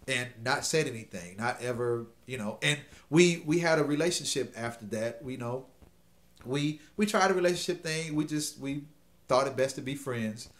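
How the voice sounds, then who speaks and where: A middle-aged man hosting a show, telling a dating story in casual advice talk and checking in often with "okay?". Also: medium pitch. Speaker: host giving dating advice.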